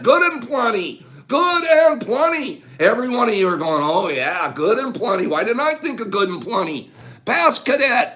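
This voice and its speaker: A man with a high, lively voice hosts a relaxed live chat. He calls things out fast and playfully and banters with his viewers. His pitch swings all over as he talks. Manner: rapid list-calling, animated and playful. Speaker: livestream host.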